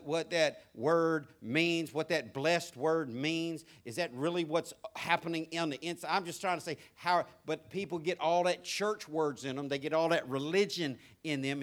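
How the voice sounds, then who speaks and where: A middle-aged man, preaching a sermon to his church in an emphatic, plain-spoken way with lots of repetition. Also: a little high. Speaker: pastor. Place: church sanctuary.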